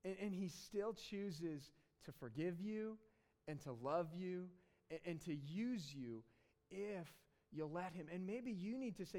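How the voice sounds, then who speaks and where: A man preaching a sermon as pastor at an evening service, earnest and often dropping to soft, hushed tones. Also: high voice, lively intonation, measured pace.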